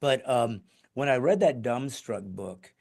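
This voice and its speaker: A man hosting a podcast interview, talking eagerly and jumping in with quick interjections. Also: medium pitch, animated, gravelly, a little mellow, a little hiss or hum. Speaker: podcast host.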